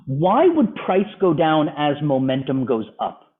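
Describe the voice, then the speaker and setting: A man's voice: fairly high pitch, very animated, measured pace. A man teaching a trading club, walking through charts and asking a student questions over a video call. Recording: phone-like video call audio.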